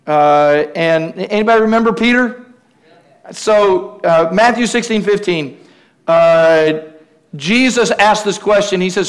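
A man's voice: high-pitched, a little slow, a bit bright. A man preaching a sermon in a conversational way, often putting questions to the congregation. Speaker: pastor.

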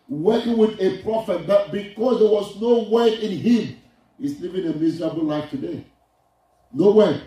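Heard from a distance in a heavily echoing hall with faint music behind him, a preacher repeats phrases for emphasis in a lilting, sing-song rhythm. His voice sits high and warm, at normal speed.

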